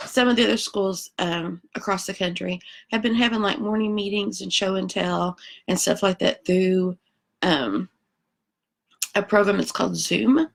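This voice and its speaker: A woman's voice: medium pitch, steady tone, moderate pace, creaky. A woman teacher talking to kids and parents before a read-aloud lesson, chatty with many ums.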